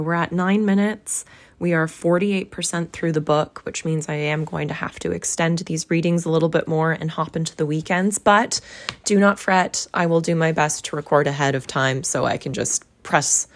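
A young adult woman reading a classic story aloud, then chatting affectionately with her listeners. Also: low voice. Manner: warm, affectionate, encouraging. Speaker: audiobook reader and podcast host. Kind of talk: storybook reading and casual sign-off.

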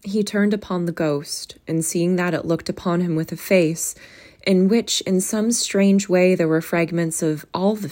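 A woman reading a classic novel aloud in a measured, expressive way, with a casual, chatty sign-off. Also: on the low side. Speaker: audiobook reader.

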